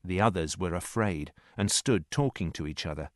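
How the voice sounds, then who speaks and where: A man narrating a story in a slow, clear reading voice. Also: deep voice, no echo, clean studio sound. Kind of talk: scripted narration.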